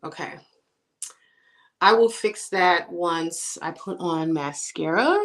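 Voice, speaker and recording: A woman does her makeup on a casual livestream, chatting with viewers she calls y'all and girl. Her lowish, fairly bright voice takes things slowly, and the recording has an echoey room sound.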